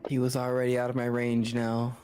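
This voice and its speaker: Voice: medium pitch, completely flat delivery, fairly quick, dark tone. A player in a tabletop game, speaking matter-of-factly and defensively. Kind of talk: casual tabletop play.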